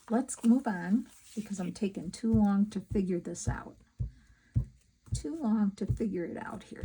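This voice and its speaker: A middle-aged woman chatting casually to her viewers while she works on a craft project, talking to herself in soft asides. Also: medium pitch, breathy edge, rough recording. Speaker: crafting vlogger.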